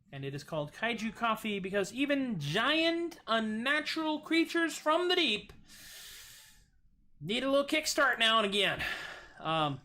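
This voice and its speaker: At home, a man hosts a livestream music show, chatting goofily between songs in a rambling, self-deprecating way while acoustic guitar plays. His voice sits high, pushed and bright.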